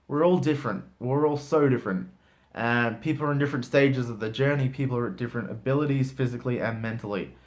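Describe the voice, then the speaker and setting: A man's voice: medium pitch, quick pace. A man speaking frankly and casually to camera in a motivational vlog, full of "like" fillers and the odd swear word. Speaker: motivational vlogger.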